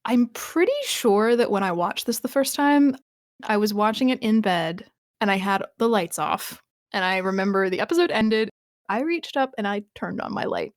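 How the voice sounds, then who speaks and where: Her voice is medium-pitched and expressive, moving at a moderate pace, captured in clean, echo-free studio sound. She's a podcast co-host discussing a TV episode casually, laughing frequently and restarting sentences.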